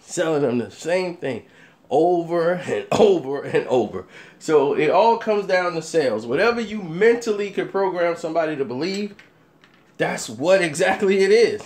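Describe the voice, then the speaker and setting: A man's voice: a little high, lively intonation, normal speed, darkish tone. A man telling a casual story, laughing often and acting out the people he quotes.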